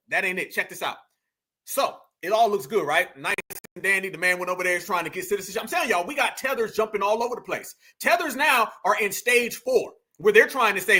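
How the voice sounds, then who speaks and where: High-voiced, bright emphatic male commentator. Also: expressive, fairly quick. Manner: emphatic, preachy, repeats his points. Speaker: commentary channel host. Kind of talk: animated video commentary.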